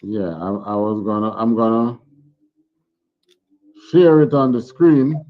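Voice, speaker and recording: A man teaching an online scripture class over a video call, halting and repeating words as he asks questions. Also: lowish voice, lively intonation, phone-quality sound. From Jamaica. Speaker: religious teacher.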